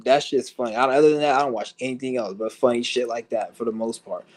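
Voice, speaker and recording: A man's voice: medium pitch, fairly even intonation, fast. A man ranting to his stream audience in a blunt, profane way, laughing often as he talks. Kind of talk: casual rant to camera. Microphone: streaming setup.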